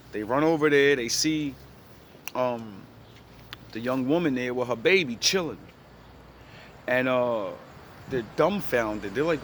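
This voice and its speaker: A man's voice: mid-range voice, lively intonation, a little slow, pauses often, a bit bright, slight background noise. A man casually retelling an old story in his own words, blunt and full of profanity and slang.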